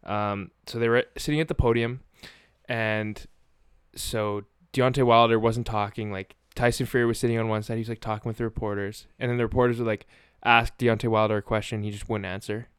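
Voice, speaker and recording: A man's voice: on the low side, little pitch movement, fairly quick, smooth, no echo, clean studio sound. A man co-hosting a sports podcast, talking casually and trailing off at the ends of his sentences. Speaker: podcast co-host.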